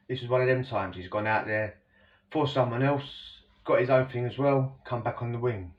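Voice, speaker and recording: A man talks in a low, easy voice, rambling through a story with slang and constant asides to the listener. He sits a little way back from the mic, and the recording sounds dull and lo-fi. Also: fairly even intonation, moderate pace, recorded from a distance. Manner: rambling, slangy, full of "you know" asides. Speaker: storyteller recounting prison life. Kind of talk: casual spoken storytelling.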